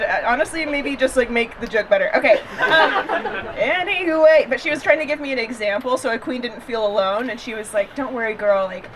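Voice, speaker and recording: A man doing a stand-up set in an outdoor backyard, campy and flamboyant, teasing the crowd. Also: extremely high pitch. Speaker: stand-up comedian. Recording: loud audience laughter. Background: crowd laughing.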